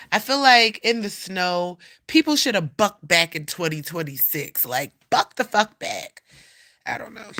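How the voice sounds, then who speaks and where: A woman's voice: mid-range voice, pushed and bright. A woman chatting casually on a livestream, rambling, swearing freely and scolding her cat. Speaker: livestream host.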